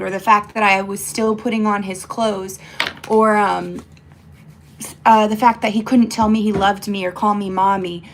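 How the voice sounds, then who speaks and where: A woman's voice: mid-range voice, creaky, slight background noise. Emotional young mother rambling through fillers. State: choked up. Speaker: mother vlogging. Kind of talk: casual vlog while doing makeup.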